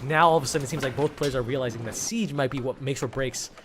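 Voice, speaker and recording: A man's voice: medium pitch, quick pace, noisy background. A man giving casual live commentary on a strategy game tournament, rambling and restarting words as he goes. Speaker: caster. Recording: music playing behind.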